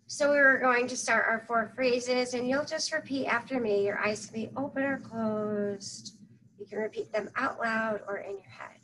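A woman guides a meditation at a very slow, unhurried pace, her voice set a little high and kept soft and soothing. She leaves long pauses between phrases. A faint hiss of noise sits under the recording. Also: poor audio.

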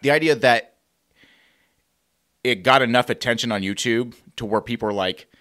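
Animated man acting out movie scenes. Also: medium pitch, normal speed. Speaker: podcast co-host. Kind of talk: casual chat.

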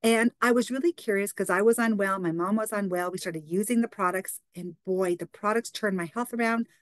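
A woman's voice: medium pitch, fairly quick, no echo. Woman, 50s, from Canada; casual team host, storyteller who acts out dialogue; dry, close sound. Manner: chatty, retells dialogue with lots of "I said, she goes".

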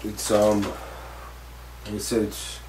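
A man tells the story of a stunt accident during an interview, speaking slowly in a low, monotone voice. He rambles, curses freely, and leans on fillers like "like" and "you know." The recording sounds roomy and echoey, with a distant mic and faint background noise.

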